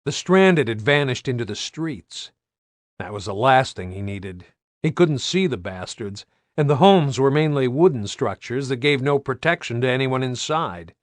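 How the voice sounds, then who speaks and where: Male audiobook narrator, dramatic, lively swinging pitch, dry close-miked sound. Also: moderate pace, no room sound. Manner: tense, dramatic, varied delivery.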